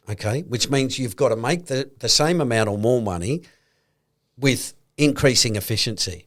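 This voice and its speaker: A mid-range voice at a moderate pace: an Australian man co-hosting a laid-back investing podcast, illustrating each point by acting out invented conversations.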